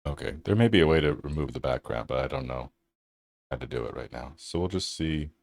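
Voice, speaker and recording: A man's voice: extremely low pitch, expressive, fairly quick, vocal fry, a little mellow, no echo. A man hosting a tech channel, giving loose, casual commentary over his screen and thinking aloud with fillers.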